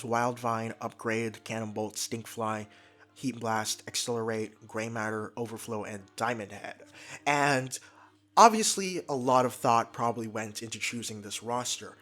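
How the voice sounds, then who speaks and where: Young man, casual fan commentary, excited, stumbling over words, soft music underneath. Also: medium pitch. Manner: energetic, fast, stumbles and restarts when excited. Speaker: YouTube commentator.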